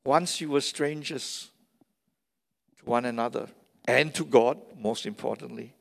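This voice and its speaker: In what sounds like a large church hall full of long reverb, a pastor gives a sermon in a mid-range voice edged with gravel. His pace is unhurried and deliberate, and he keeps repeating key phrases to press his message.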